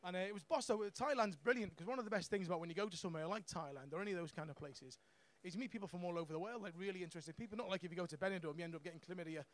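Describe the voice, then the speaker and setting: Brash, sweary comedian. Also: male voice, high-pitched, very fast, hardly any pauses. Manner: brash, sweary, laughs at own jokes. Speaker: stand-up comedian. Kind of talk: stand-up set. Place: comedy club stage.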